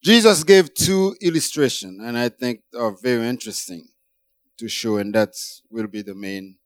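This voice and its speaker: A man preaching a sermon, emphatic, rising high for emphasis and then dropping low. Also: normal speed, no echo.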